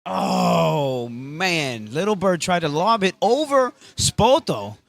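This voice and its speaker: A man calls the match live in a loose, excitable play-by-play, switching into Spanish now and then. His voice sits a touch higher than most men's. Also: measured pace. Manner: casual, excitable, mixes in Spanish phrases. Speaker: sports commentator.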